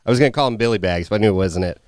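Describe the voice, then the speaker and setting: Man in his 20s, low voice, smooth, casual podcast, rambling and swearing. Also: very fast, darkish tone, no room sound, clean studio sound. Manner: rambling, swears freely, laughs often. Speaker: podcast co-host. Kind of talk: casual film discussion.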